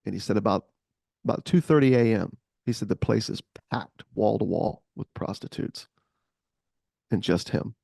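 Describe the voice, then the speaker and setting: A man co-hosting a podcast, telling a story in a casual, animated way. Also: lowish voice, moderate pace, gravelly, slightly rough, no echo, clean studio sound. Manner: animated, acts out voices. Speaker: podcast co-host.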